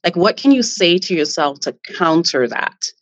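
Confident woman, lowish voice. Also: normal speed, dry recording. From Jamaica. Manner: confident, animated, laughs often. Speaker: guest, business founder. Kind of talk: podcast interview.

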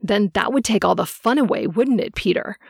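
A snapping, jealous vampire woman, as a female audiobook narrator puts her on. She hisses her words with a gravelly edge, recorded close and dry. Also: mid-range voice, expressive, brisk, no room sound. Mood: cold. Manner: hissing, snapping.

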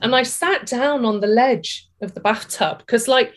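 A woman's voice: on the high side, a little slow. Chatty woman in her forties. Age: 40s. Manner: chatty, animated, acts out her own thoughts in quotes, laughs often. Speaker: guest. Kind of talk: candid personal story in a podcast interview.

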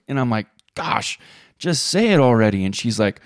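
A middle-aged man co-hosting a podcast, telling animated stories and acting out the voices he quotes. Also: lowish voice, a little fast, smooth, no echo, studio quality. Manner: animated storyteller, acts out quotes. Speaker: podcast co-host. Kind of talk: casual chat.

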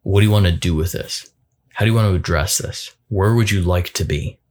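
A man giving a reflective solo talk as a coach, thoughtful and halting, often repeating words as he goes. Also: low-pitched, a little mellow, a little hiss or hum.

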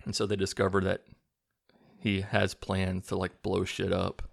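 A man with a low, gravelly voice talks through a film's plot in a loose, sarcastic way and slips into quick impressions of the characters. The sound is dry and close, with no room around it. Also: monotone, no room sound. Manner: sarcastic, acts out characters' lines in quick bits. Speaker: movie reviewer recapping a film. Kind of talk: casual film recap.

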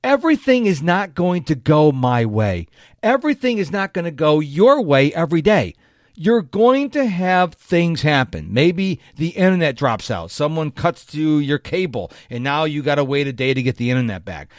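A man hosts a chatty motivational podcast alone, his voice slightly high and swinging widely in pitch. He speaks directly to listeners and corrects himself as he goes. The sound is dry, with no room echo. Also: moderate pace. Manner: animated, chatty, self-correcting, talks straight to listeners. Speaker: podcast host. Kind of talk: solo motivational podcast monologue.

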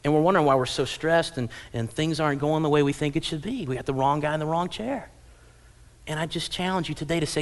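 Animated male pastor preaching a sermon. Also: fairly high pitch, fairly quick. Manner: animated storytelling, acting out parents and kids. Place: church auditorium.

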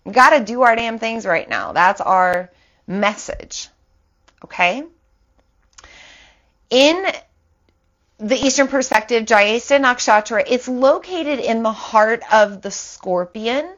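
A woman's voice: on the high side, expressive, slow, fairly bright tone. A woman in her thirties hosting an astrology livestream, talking casually and loosely, often tagging "right?" onto her sentences. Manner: chatty, loose, lots of "like" and "right?". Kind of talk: casual spiritual talk on a livestream. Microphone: phone or laptop mic. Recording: slightly dull livestream audio.

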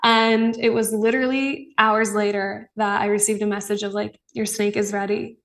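A young woman hosting a podcast, talking in an earnest, raw and excitable way about her spiritual life, often breaking into laughs. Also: medium pitch, normal speed, far from the mic. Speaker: podcast host. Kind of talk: casual spiritual monologue.

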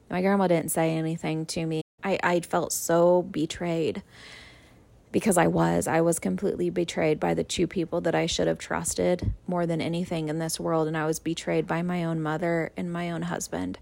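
Gravelly low-voiced woman telling her story. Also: level tone, moderate pace, darkish tone, no room sound. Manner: candid, emotional, acts out quoted voices. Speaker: podcast host. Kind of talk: personal storytelling.

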